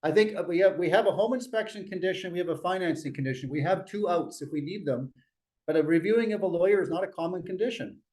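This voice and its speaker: A man leading a real estate sales meeting, telling a story in an animated coaching tone and often restarting his phrases. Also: high-pitched, quick pace. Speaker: real estate team leader.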